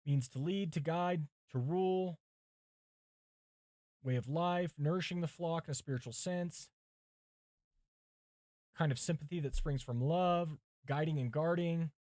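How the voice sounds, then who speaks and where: A man's voice: a little high, measured pace, pauses often, a little mellow, no room sound, clean studio sound. A male pastor preparing a sermon on a livestream, reading commentaries aloud, thinking aloud and chatting with viewers, with his mic set some way from him. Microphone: mic set far from him.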